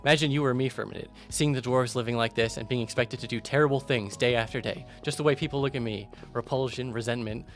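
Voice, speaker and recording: Gentle, sorrowful alien shopkeeper in a video game, soft and confiding, read by a man. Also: medium pitch, fairly even intonation, quick pace, few pauses, soft background music, natural voice. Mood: sad.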